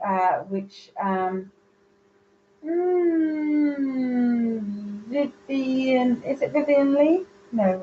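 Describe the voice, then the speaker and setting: Rambling woman medium on a live stream, a little muffled, soft background hum. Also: mid-range voice. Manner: chatty, rambling, searching for words. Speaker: psychic medium. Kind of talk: live online reading.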